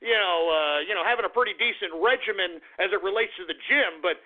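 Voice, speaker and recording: A man's voice: high-pitched, quick pace. A man hosting a talk radio show, ranting in a crude, repetitive monologue. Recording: tinny phone-like radio sound.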